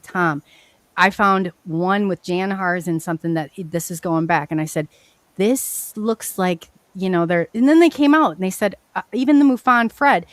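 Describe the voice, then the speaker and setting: Woman, podcast guest, casual storytelling, animated, rambling, frequent restarts, dry close sound. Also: mid-range voice, no room sound. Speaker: guest telling her experiencer story.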